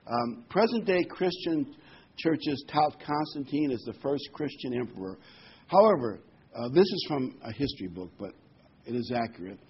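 A man's voice: medium pitch, expressive, moderate pace, husky. A man preaching a sermon in a conversational teaching manner, reading scripture and adding asides. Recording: dull lo-fi recording.

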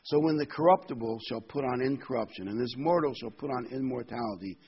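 An older man preaching a sermon, reading scripture aloud and commenting between verses, rising in pitch and volume when he reads the verses. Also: fairly quick, breathy edge. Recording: dull lo-fi sound with faint noise.

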